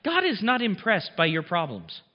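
A man's voice: high-pitched, wildly swooping pitch, normal speed, in a large hall. Guy pastor preaching, kinda chatty, laughs at his own jokes, dull muffled sound. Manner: conversational, emphatic preaching, laughs at own lines. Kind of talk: sermon.

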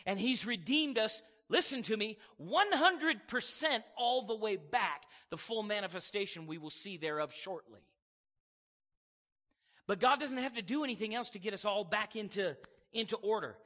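A man preaching with a bright, high voice that leaps up and down as he questions the congregation and acts out scripture. His sermon rings out with the long reverb of a church hall. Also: lively intonation, normal speed.

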